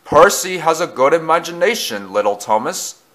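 A man's voice: on the high side, lively intonation, normal speed, pitched above the performer's own voice. A man doing a proud, teasing big engine. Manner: amused, gently mocking. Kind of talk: storybook character voice.

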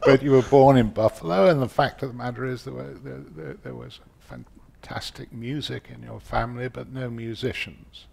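A man's voice: mid-range voice, steady tone, moderate pace, vocal fry, a little mellow. An older man moderating an interview on stage at a public talk, putting in dry, teasing remarks between his questions.

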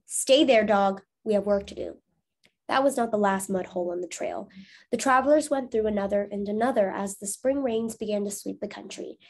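A woman teacher with a medium-pitched, darkish voice reads a storybook aloud to young students. Afterward she asks them encouraging discussion questions as part of the lesson.

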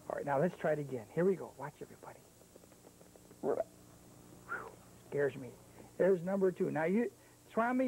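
A man's voice: high voice, dark tone, rough recording. A man hosting a 1970s children's TV show as a clown, playfully coaxing the kids and chatting with a puppet sidekick. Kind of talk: 1970s kids' TV show patter. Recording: old broadcast archive, faint hiss.

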